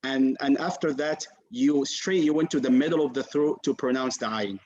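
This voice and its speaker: A man's voice: mid-range voice, expressive, normal speed, few pauses, darkish tone. A man teaching a class on a video call, patient and encouraging, repeating and modeling sounds for his students. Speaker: Quran recitation teacher. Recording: muffled video call audio.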